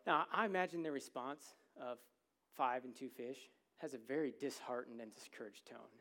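A man's voice: mid-range voice, normal speed, fairly bright tone. A man preaching a sermon to a congregation in a church, in a conversational, humorous way, often checking in with "right?".

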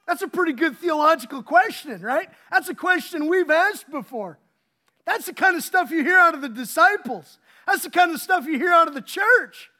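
A man preaching a sermon as pastor, swinging between loud emphasis and hushed asides. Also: very high voice, animated, moderate pace.

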